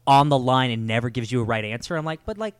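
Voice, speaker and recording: A man joining a casual film chat, talking quickly and bluntly. He is enthusiastic and acts out the lines he wishes a character had said. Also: mid-range voice, smooth, no room sound, studio quality.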